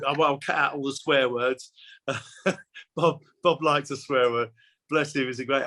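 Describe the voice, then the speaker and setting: A man's voice: medium pitch, steady tone, unhurried, bright, forceful tone. Effusive older man telling stories. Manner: effusive, repeats words and restarts, laughs often. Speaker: musician guest. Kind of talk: casual interview chat.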